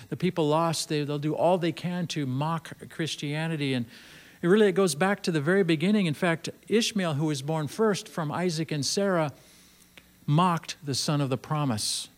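A man preaching a sermon in an earnest way, repeating phrases and slowing down to stress key lines. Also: on the high side.

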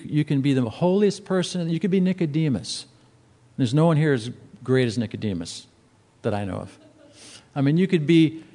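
A man's voice: medium pitch, warm tone. A man preaching a sermon in a conversational, emphatic way. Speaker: pastor.

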